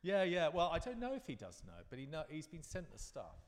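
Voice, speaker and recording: A man's voice: a little high, huge pitch swings, fairly quick, in a large hall. A man in his fifties from London, a guest performer in a live interview, telling rambling, reflective stories with frequent restarts. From London, England.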